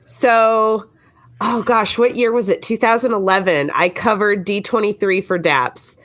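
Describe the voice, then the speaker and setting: A woman's voice: mid-range voice, a little slow. A woman on a podcast, eagerly telling a story and filling her talk with "like". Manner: excitable, gushing, many "like"s. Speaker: team member.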